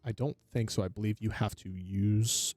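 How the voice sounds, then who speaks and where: A man running a tabletop game as game master, talking haltingly with many fillers. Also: fairly low pitch, steady tone, darkish tone, no echo.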